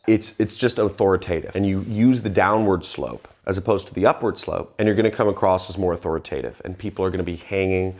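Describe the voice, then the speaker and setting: A man hosting his own video channel, talking to camera with confident, emphatic sales advice, his phrases often dropping low and quiet at the end. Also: fast talker, few pauses. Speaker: online business vlogger. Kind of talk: direct-to-camera sales tips talk.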